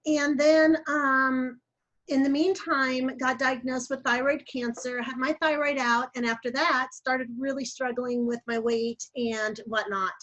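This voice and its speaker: A woman's voice: sits high, steady tone, measured pace, a bit bright, dull audio. An older woman, her voice affected by allergies, telling her story in a chatty, rambling way with many fillers. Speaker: coaching client. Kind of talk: casual interview storytelling.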